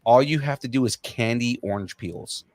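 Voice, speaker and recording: Man, podcast host, rambling animated storyteller, mid-range voice, dry close sound. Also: medium pitch, normal speed, no room sound. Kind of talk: casual chat.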